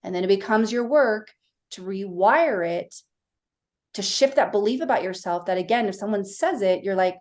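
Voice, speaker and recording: Animated woman guest acting out dialogue. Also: mid-range voice, moderate pace. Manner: animated storytelling, acting out quoted voices. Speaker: podcast guest, mindset coach. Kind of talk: casual interview chat.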